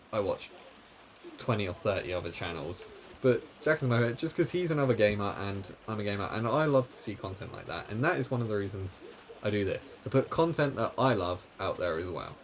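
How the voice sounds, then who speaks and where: A man talks loosely to his camera, wandering from one topic to the next. He pokes fun at himself and sometimes laughs along the way. His voice sits a little low. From England. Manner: rambling, self-deprecating, laughs at himself. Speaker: YouTuber. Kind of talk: casual solo vlog chat.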